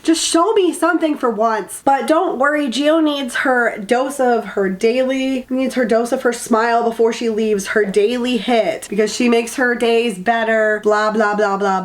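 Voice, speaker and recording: A woman with a slightly high voice rants through a casual book review, exasperated and dripping with sarcasm. She swears freely and often trails off mid-thought.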